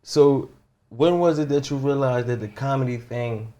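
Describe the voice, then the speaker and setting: A male host keeps the chat easygoing. His voice is mid-pitched, and he asks his questions in loose, slangy phrasing. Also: normal speed, mellow. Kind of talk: casual interview chat.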